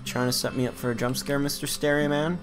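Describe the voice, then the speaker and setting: A man's voice: mid-range voice, flat delivery, fast talker. A man giving joking, playful commentary while playing a video game. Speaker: gamer. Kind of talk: let's play commentary. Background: game music.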